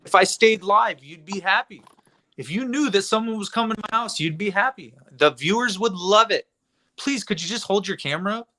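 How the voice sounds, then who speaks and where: A man hosting a livestream, talking in a rambling, indignant, animated way. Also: high voice, brisk. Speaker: livestream host. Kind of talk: casual livestream chat.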